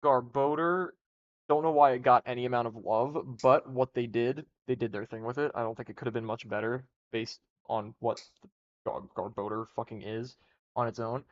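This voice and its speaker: Steady in tone and moderate in pace, a young man's mid-range voice comes through dull lo-fi audio as he streams live. His casual commentary rambles through rankings, punctuated by restarts and swearing.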